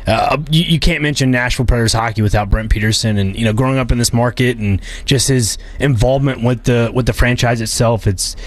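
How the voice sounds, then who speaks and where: A man's voice: mid-range voice, a little fast, hardly any pauses. A man co-hosting a sports talk radio show in casual conversation. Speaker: radio co-host.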